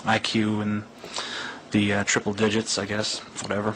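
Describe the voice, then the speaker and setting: A man's voice: on the low side, completely flat delivery, normal speed, fairly bright tone, a little hiss or hum, rough recording. A young man delivering a smug, dismissive monologue in an old webcam video. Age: young adult.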